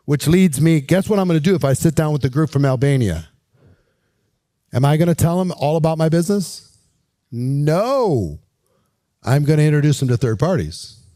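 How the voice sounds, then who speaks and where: Man as a high-voiced, mellow recruiting coach, energetic and direct. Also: normal speed, long pauses, no room sound. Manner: energetic, direct, coaxing questions. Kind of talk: coaching talk with acted pitch demos. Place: walking around while filming.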